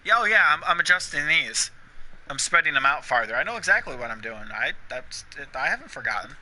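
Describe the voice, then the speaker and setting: A young man with a very bright, sharp voice that sits a bit high, talking freely over a game. He is blunt and opinionated, swears a lot and breaks into loud laughs. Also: very animated, brisk. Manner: frequent bursts of laughter. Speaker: gaming streamer. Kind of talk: casual chat while gaming.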